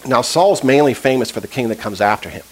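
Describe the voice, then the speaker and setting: A man's voice: mid-range voice, animated, fast talker, husky, rough recording. A male pastor preaching a sermon, retelling a story with acted-out quotes and casual asides.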